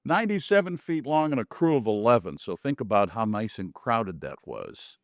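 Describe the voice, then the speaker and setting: In a community meeting room, a man gives a casual presentation to a small audience, chatting through slides of his photos with folksy asides and jokes. His mid-range voice is very animated at normal speed, recorded close and dry with no room sound.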